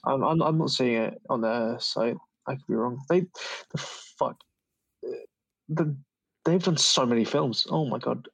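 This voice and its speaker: A young co-host on a casual chat podcast, giggly and excitable. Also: medium pitch, unhurried, gravelly, slightly rough, no echo, rough recording.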